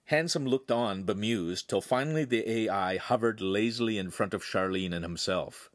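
A man narrating a young adult science fiction novel in measured, even storytelling. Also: lowish voice. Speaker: audiobook reader. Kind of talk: scripted narration.

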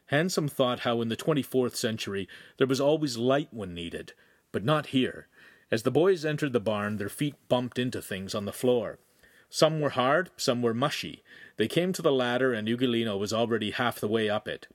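A man reading a young adult novel aloud in a measured, even way. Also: medium pitch, no echo, clean studio sound. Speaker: audiobook narrator. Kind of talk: scripted narration.

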